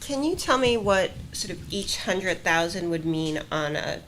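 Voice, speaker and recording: A woman's voice: on the low side, lively intonation, unhurried, a bit bright, slight background noise, rough recording. A woman with a Long Island accent, a board member asking direct questions at a school board meeting. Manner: direct, inquisitive.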